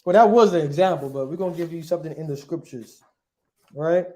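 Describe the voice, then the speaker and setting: This informal Bible language lesson comes from a male teacher whose voice sits on the high side with a darker tone, echoing in the room. Relaxed in manner, he says "right?" again and again and stops to look things up as he goes.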